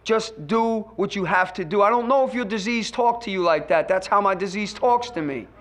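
Man, recovery-meeting testimony; high, bright voice, acts out dialogue, loud to hushed. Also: normal speed. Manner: storytelling, acts out quoted voices, swings between loud and hushed.

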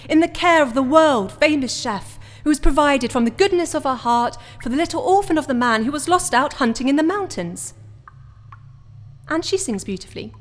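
A cruel, gloating chef. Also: female voice, medium pitch, darkish tone, long reverb tail. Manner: silky, menacing, relishing threats. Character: cruel, doting female chef who caged songbirds.

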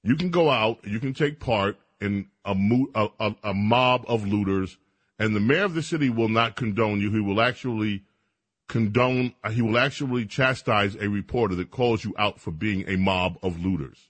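A man's voice: on the low side, normal speed. A man hosting a radio talk show, delivering an indignant, emphatic monologue with stammered restarts.

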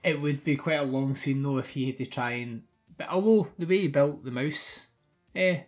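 A man's voice: mid-range voice, moderate pace, soft background music. A man with a Scottish accent, co-hosting a podcast and riffing playfully with absurd jokes and frequent laughter. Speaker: podcast co-host. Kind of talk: casual film chat.

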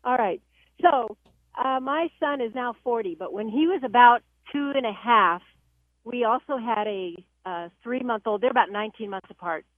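A woman's voice: fairly high pitch, moderate pace, no echo. A woman in her sixties calling in to tell a funny family story, chatty and building toward the punchline. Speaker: caller. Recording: tinny phone line.

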